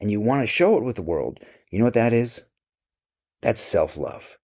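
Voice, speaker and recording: A man's voice: fairly low pitch, sing-song, moderate pace, a little mellow. A middle-aged man answering interview questions about his life and work, candid, blunt and profane.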